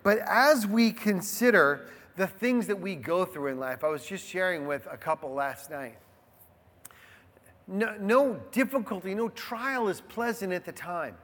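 A man's voice: high voice, a bit bright, in a large hall. A man preaching a sermon in a casual, conversational way, with frequent rhetorical asides to the congregation. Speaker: pastor.

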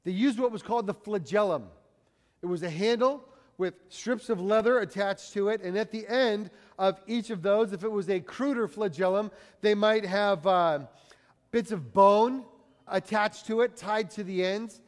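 A man preaching a sermon, dramatic, rising for emphasis and dropping low and quiet. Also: normal speed. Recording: long hall reverb.

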